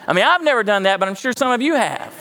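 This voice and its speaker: A man's voice: high-pitched, sing-song, fast, sharp tone, big-room sound, a faint crowd, slight background noise. A man preaching a sermon in a folksy, conversational way with joking asides. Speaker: pastor. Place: church sanctuary.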